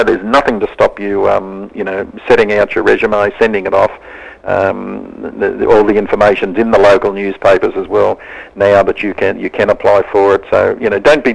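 An Australian man, an honorary consul, is interviewed live on radio by phone. His voice sits on the low side with some vocal fry, and he gives advice in an earnest, plain-spoken way.

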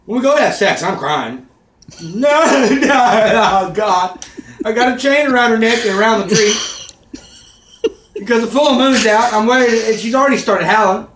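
A man telling a comedic story in a casual vlog rant, animated, swearing and shouting out the lines he quotes. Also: high-pitched, normal speed. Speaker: vlogger. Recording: echoey room, faint background noise.

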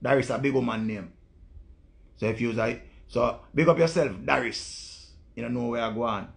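Gravelly Jamaican man ranting bluntly. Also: mid-range voice, moderate pace. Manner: blunt, profane ranting in patois. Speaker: live-stream host. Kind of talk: casual monologue to viewers.

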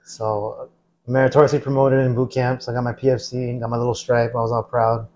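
A man's voice: mid-range voice, flat delivery, quick pace, slight background noise, low-quality recording. A middle-aged veteran man from the United States, telling laid-back stories in a casual chat. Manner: laid-back, loud when acting out shouted lines. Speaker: veteran guest. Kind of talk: casual storytelling.

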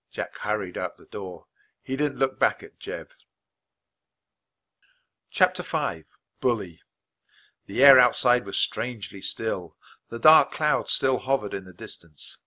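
A man reading a children's chapter book aloud for language learners, clear and measured. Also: on the low side, sharp tone. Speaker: storybook reader. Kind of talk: scripted narration for language learners.

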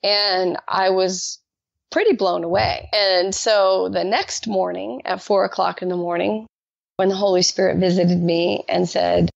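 A woman guest telling her personal faith testimony in an animated way, acting out the dialogue she quotes. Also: a little slow, gravelly, no room sound. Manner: animated, acts out quoted dialogue with jumps in pitch. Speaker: podcast guest. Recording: dull lo-fi dry recording.

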